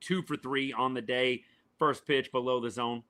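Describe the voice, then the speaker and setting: A man with a drawl, hoarse and worn down, calls a baseball game live for his podcast audience. His voice is sharp and bright despite the fatigue, at a middle pitch. He talks loosely and directly to viewers, answering them by name. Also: fairly even intonation, normal speed. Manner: chatty, answers chat viewers by name, says y'all. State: voice worn and failing, a little quieter than usual. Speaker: podcast host doing live game reaction. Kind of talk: casual live sports reaction and commentary.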